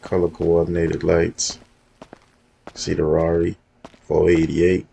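A man's voice: sits low, completely flat delivery, slow pace, vocal fry, dark tone, husky, rough recording. A man giving laid-back, slangy commentary in a gaming vlog, talking straight to his viewers. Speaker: roleplay gamer showing off his cars.

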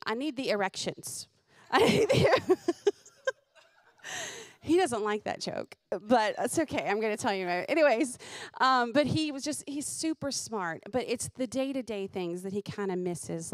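Woman, middle-aged, comic storyteller, lively and laughing, dry sound. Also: medium pitch, clean tone, dry recording. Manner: animated, laughing, self-deprecating. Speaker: comedian host. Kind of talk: stand-up storytelling.

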